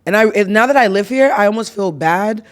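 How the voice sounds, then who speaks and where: A male podcast host from the US East Coast with a high voice. He talks quickly and eagerly in casual chat, and his words tumble out in a rush. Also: a bit bright.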